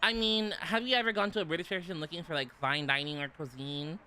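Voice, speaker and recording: Bright-voiced, rambling young man streamer. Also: a little high, fairly even intonation, fast, clean tone. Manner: rambling, giggly, heavy use of "like". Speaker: vtuber streamer. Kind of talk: casual chat stream.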